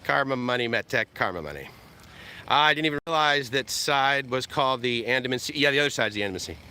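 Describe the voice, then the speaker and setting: Male vlogger, chatty and joking, very bright tone, faint traffic hum outside. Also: mid-range voice, lively intonation, quick pace. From USA. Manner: rambling, joking, chuckling often. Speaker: vlogger, live-stream host. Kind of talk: live walk-and-talk chat. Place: outdoor seaside walkway. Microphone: camera on a selfie stick.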